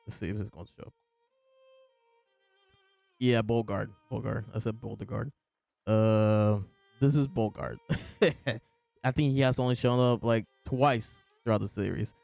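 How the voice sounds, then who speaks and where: Laid-back rambling man, gravelly voice. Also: lowish voice, fairly even intonation, a little slow, pauses often, a little mellow, dry recording, soft background music. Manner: laid-back, rambling, lots of fillers and laughs. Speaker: podcast host reviewing a manga chapter. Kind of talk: casual chat.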